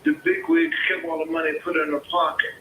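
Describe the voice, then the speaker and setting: A man's voice: on the high side, big pitch swings, fast, bright, forceful tone. A homeowner on a phone call, arguing heatedly and swearing often, repeating his points. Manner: swearing, repetitive, argumentative. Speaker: caller, homeowner. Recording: echoey phone call with faint noise.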